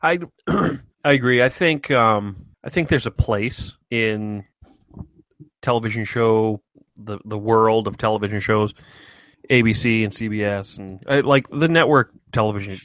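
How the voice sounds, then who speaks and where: Podcast co-host, male, thirties, low voice, laid-back, dry close sound. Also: measured pace, a bit bright, no echo. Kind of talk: casual chat.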